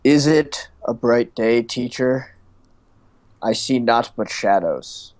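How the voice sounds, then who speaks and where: A man voicing a young male magister who has lost his magic, speaking slowly in a subdued, doubting way. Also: medium pitch, darkish tone, no room sound, close to an everyday voice.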